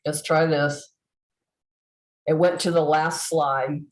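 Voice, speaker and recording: Woman, convention presenter, heartfelt tribute, halting with restarts, lowish voice, roomy echo. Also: little pitch movement. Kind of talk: heartfelt tribute over a video call. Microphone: video call.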